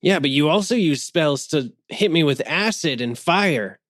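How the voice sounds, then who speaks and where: A man's voice: a little high, lively intonation, a little slow, fairly bright tone, dry recording, studio quality. A man playing in a tabletop game, trading wry, joking banter. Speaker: player. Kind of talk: casual chat at the gaming table.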